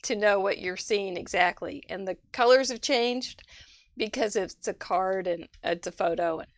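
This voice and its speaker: A woman's voice: mid-range voice, normal speed, dry recording. A woman hosting a live crafting show over a video call, gushing over viewers' cards with frequent laughs. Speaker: host. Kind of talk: casual livestream chat.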